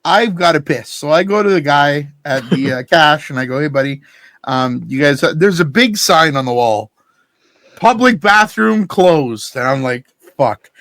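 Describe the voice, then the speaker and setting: A man with a Canadian Maritimes accent, co-hosting a podcast and telling a story in casual chat, animated and full of swearing. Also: on the high side, normal speed, no echo. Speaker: podcast co-host.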